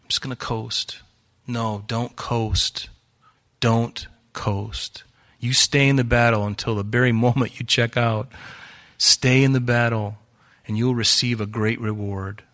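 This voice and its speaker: A man's voice: mid-range voice, steady tone, unhurried, fairly bright tone. A man, a pastor, preaching a sermon, urging his listeners on and repeating phrases for emphasis.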